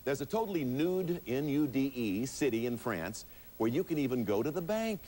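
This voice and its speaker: A man with a Southern accent hosting a TV game show, upbeat and brisk in his patter. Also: medium pitch, a little hiss or hum. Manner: lively, upbeat, excited on big rolls. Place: TV studio. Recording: 1980s TV broadcast with studio audience and music.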